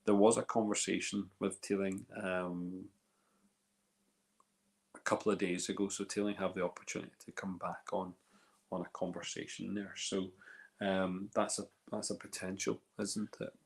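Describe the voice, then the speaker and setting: A man's voice: sits low, flat delivery, moderate pace. A Northern Irish man hosting a whisky festival live stream, chatting casually and rambling, often repeating words. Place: live video call.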